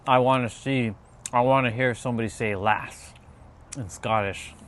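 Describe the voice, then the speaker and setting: A man's voice: medium pitch, steady tone, brisk, a bit bright. A man hosting a casual spiritual livestream, chatting loosely with viewers and rambling with many fillers.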